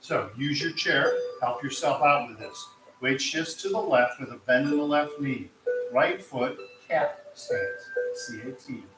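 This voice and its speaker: A man leading a tai chi class, calmly counting out slow step-by-step cues for balance exercises. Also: mid-range voice. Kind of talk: guided exercise class instruction. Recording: roomy, distant mic with music.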